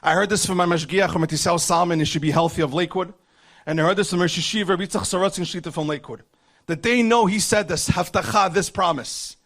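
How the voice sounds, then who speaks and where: A man's voice: high-pitched, fast talker, a bit bright. A man teaching a religious class, speaking earnestly and urging his listeners, with many Hebrew terms mixed in. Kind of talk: religious lesson.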